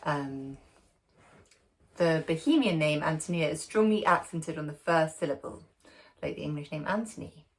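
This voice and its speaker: Chatty woman with a lowish voice. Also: animated, moderate pace. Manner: chatty, warm asides, many ums and restarts. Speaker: book club host. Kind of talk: casual book review to camera. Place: at home, sitting in a dog's bed.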